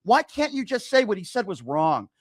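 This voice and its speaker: A man's voice: high voice, very animated, moderate pace, breathy edge, dry recording, clean studio sound. A man arguing heatedly on a debate show, frustrated and accusing. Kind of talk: heated on-air argument.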